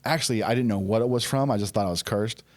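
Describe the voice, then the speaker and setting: A man's voice: on the low side, fast talker. Man telling candid, self-deprecating stories. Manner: candid, self-deprecating storyteller with frequent restarts. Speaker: podcast guest, former pro wrestler. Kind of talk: casual podcast chat.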